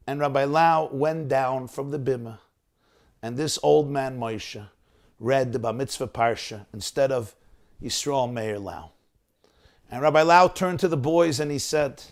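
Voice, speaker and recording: A male rabbi telling a story in a sermon over a video call, animated and acting out the quotes. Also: mid-range voice, unhurried.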